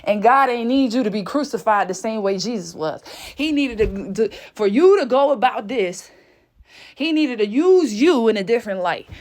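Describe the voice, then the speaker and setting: A woman's voice: on the high side, animated, normal speed, darkish tone. A woman giving a fervent spiritual reading, out of breath, swearing casually and exclaiming often. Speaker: spiritual reader.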